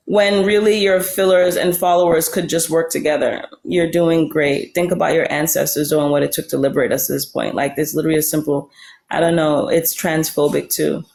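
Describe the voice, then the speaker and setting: A woman's voice: on the low side, echoey room, slight background noise. A woman hosting a casual livestream chat, blunt and swearing freely, rambling with restarts. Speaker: livestream host.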